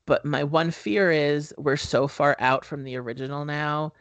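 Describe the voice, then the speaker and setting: A man's voice: on the high side, steady tone, normal speed, a bit bright, no echo, highs cut off. A man co-hosting a casual movie-review podcast, talking in a loose, rambling way with lots of "um" fillers. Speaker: podcast co-host.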